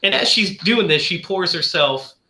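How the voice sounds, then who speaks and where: A man's voice: sits high, moderate pace, a little hiss or hum. A male podcast host casually recapping a horror film's plot, animatedly acting out the characters' lines as he goes. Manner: animated storyteller who acts out the characters' lines. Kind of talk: casual movie discussion, retelling the plot. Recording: roomy echo.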